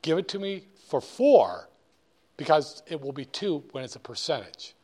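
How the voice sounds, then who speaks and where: A man's voice: fairly high pitch, very animated, normal speed, a little mellow. A man lecturing a class on finance, joking and wandering off topic, hammering key points. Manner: joking, digressive, emphatic.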